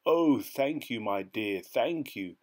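A man voicing a gentle, polite tin man in a storybook, moaning and wistful. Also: mid-range voice, expressive, slow.

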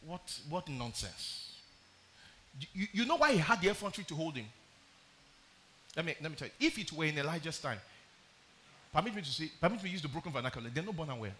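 A pastor preaching a sermon, reading scripture aloud and explaining it, often putting questions to the congregation. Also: male voice, a little high, big pitch swings, very fast, pauses often, bright, forceful tone. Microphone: streamed live sermon.

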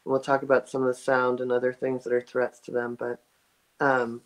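A woman's voice: a bass voice, completely flat delivery, normal speed, rough recording. A woman hosting an interview, prompting her guest with short questions and fillers. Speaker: interview host.

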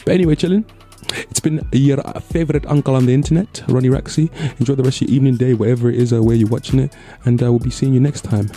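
A man's voice: mid-range voice, steady tone, quick pace, few pauses, mellow, soft background music. A young English man hosting a casual history vlog, talking in slangy, joking bursts of hype. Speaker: host.

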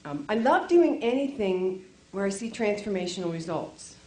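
A woman's voice: medium pitch, big pitch swings, normal speed, mellow, a little hiss or hum. Rambling woman at an echoey workshop mic. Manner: rambling, apologetic, upbeat. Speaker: workshop participant. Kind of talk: audience question at a workshop.

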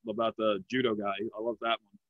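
A man's voice: fairly low pitch, level tone, a little fast, dry recording. Chatty male podcast host, dry lo-fi sound. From United States. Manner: chatty film buff, laughs easily. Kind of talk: casual interview chat.

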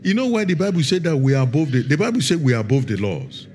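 A man's voice: fairly high pitch, sing-song, a little mellow, faint music behind. A middle-aged man, a pastor preaching a sermon and telling stories, stressing words and drawing them out. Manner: storytelling, emphatic with drawn-out words.

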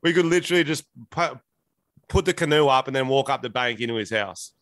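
A man's voice: mid-range voice, expressive, fairly quick, a bit bright, no room sound. An Australian man chatting as a podcast guest, laughing, swearing and sounding indignant. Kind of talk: casual podcast chat.

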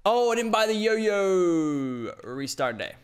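A man's voice: sits high, very animated, slow pace, a little hiss or hum. Young man narrating his gameplay. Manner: swears often, talks through his plans aloud. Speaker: gaming YouTuber. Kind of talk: casual let's-play commentary.

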